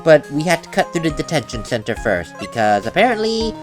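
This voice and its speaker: A woman's voice: sits low, sing-song, brisk, soft background music. Playful woman commenting on a game. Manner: laughs often, playful. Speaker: let's play host. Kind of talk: casual gameplay commentary.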